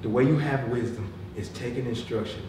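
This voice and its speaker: A man in his thirties giving a lively motivational talk to a live audience, telling stories, laughing often and swinging between loud and hushed. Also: medium pitch, a little fast. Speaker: motivational speaker. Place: meeting room with an audience. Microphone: far from the mic. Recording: echoey room, distant mic, room noise.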